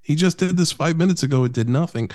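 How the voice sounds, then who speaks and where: A man's voice: fairly high pitch, fast, darkish tone, no echo, studio quality. A man co-hosting a podcast, recapping a film's plot in a sarcastic, casual way with plenty of swearing. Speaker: podcast co-host. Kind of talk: casual movie recap chat.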